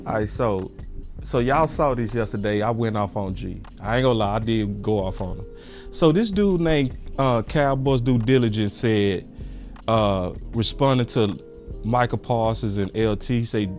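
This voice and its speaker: A young man hosting a casual sports podcast, animated and slangy, retelling online spats with quoted back-and-forth. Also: lowish voice, normal speed, faint music behind. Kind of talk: casual heated chat.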